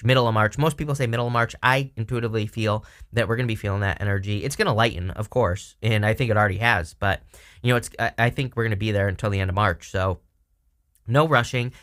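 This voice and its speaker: A man's voice: fairly low pitch, a bit bright. A man giving a casual, rambling tarot reading, chatty with lots of fillers and frequent laughs. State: hiccups. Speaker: tarot reader.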